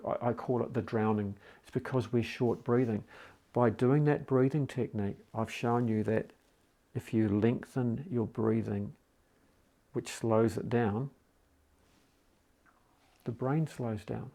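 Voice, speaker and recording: A middle-aged man speaking calmly and reassuringly straight to the listener in a mental health support talk. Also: medium pitch. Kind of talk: gentle direct-to-camera support talk.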